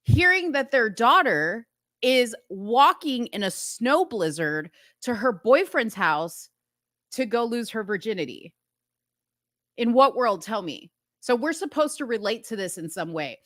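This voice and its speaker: A woman's voice: on the high side, very animated, a little slow, a bit bright, no echo, studio quality. A woman hosting a talk show, giving indignant, incredulous commentary on a TV episode with laughing asides. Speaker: host.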